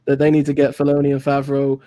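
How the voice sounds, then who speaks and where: A man's voice: medium pitch, completely flat delivery, fast, dark tone. A man guesting on a casual livestream chat from the UK, jokey and playful.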